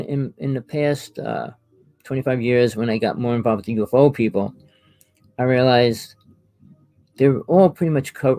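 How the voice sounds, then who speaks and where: A man hosting a casual talk about experiences, telling long rambling stories in an animated way. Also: medium pitch, no echo. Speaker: host.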